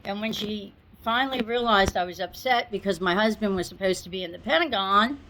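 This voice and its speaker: A middle-aged woman recounting a personal memory to an audience in an unhurried, conversational way, with asides and small laughs. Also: mid-range voice, pushed and bright, slight background noise, poor audio. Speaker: storyteller. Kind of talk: personal recollection, told to an audience.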